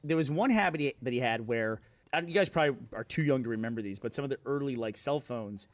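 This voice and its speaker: A man's voice: medium pitch, quick pace. A man in casual conversation, telling an exasperated story with some swearing. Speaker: podcast regular. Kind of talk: casual chat.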